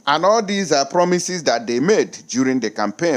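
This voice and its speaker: A man with a Nigerian accent hosting an online news commentary, mixing Pidgin and English in an animated way. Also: on the high side, moderate pace, slight background noise.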